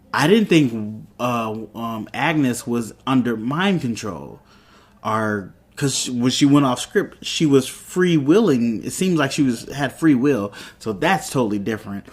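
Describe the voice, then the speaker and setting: A man hosts a casual TV review, talking in an easy mid-pitched voice. He retells each scene by acting out the characters' lines. His talk is loose and chatty, full of fillers and restarts. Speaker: show host reviewing a TV episode. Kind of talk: casual recap and commentary.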